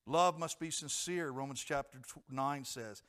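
A man's voice: mid-range voice, measured pace, fairly bright tone. A middle-aged man preaching a sermon in a conversational way, asking the congregation questions and acting out voices. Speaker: pastor.

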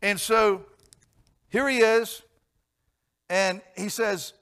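A man preaching a sermon in a conversational way, asking his audience questions and swinging from quiet asides to emphatic points. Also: high-pitched, slow, creaky.

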